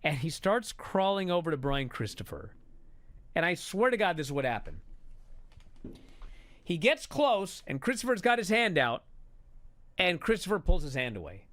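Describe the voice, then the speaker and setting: A man telling a story as a profane, exasperated rant that builds to shouting. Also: high voice, normal speed, pauses often, no echo. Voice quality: animated storyteller. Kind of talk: comedic rant.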